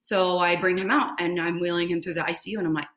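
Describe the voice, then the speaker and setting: Candid, bright-voiced woman nurse in an echoey room. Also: lowish voice, steady tone, fast talker. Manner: candid, lots of filler, swears freely. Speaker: nurse guest. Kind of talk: casual storytelling.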